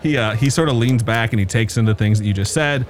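A man acting as game master narrates a tabletop game, describing scenes in a relaxed way with frequent fillers. His voice is mid-range and he talks fast, and the recording is very noisy.

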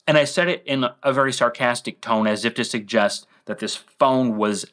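A man's voice: mid-range voice, moderate pace, hardly any pauses, a bit bright. Middle-aged guy rambling through a story on a podcast, goes off on tangents, pokes fun at himself. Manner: rambling, self-deprecating, restarts and tangents. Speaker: podcast co-host.

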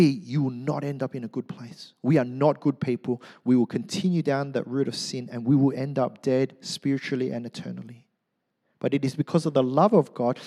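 A middle-aged man preaching a sermon in church, animated and joking, swinging from loud to hushed. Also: mid-range voice, in a large hall. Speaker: pastor.

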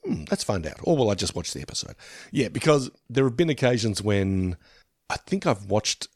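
A man's voice: on the low side, lively intonation, moderate pace, darkish tone, dry recording, clean studio sound. A man, co-hosting a podcast in a laughing, joking chat. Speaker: podcast co-host. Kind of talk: casual chat.

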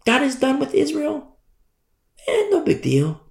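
A man voicing a glib, mocking false preacher in a high, sing-song tone. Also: wildly swooping pitch, measured pace, gravelly, darkish tone, full character voice. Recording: roomy echo.

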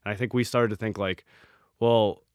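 Smooth low-voiced man, close and dry. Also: moderate pace, no echo. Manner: easygoing, animated when telling stories. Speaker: brewery co-founder. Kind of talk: casual podcast conversation.

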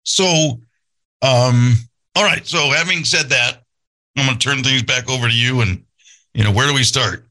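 A man's voice: mid-range voice, normal speed, long pauses, pushed and bright, low-quality recording. A man in his sixties, a podcast host, telling his own life story in an earnest, reflective, conversational way, thinking aloud as he goes. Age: 60s.

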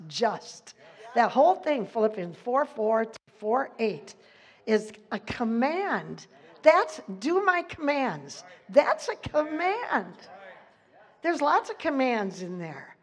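A woman giving an informal, chatty sermon, laughing often and losing her place in the text, leaning hard on key words. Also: on the high side. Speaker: preacher.

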